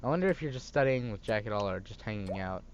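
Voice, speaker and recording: A man's voice: lowish voice, lively intonation, quick pace, muffled recording, a little hiss or hum. A man reading the lines of a strict, worried middle-aged mother in a story game, scolding and nagging. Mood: stern. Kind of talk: reading game dialogue aloud.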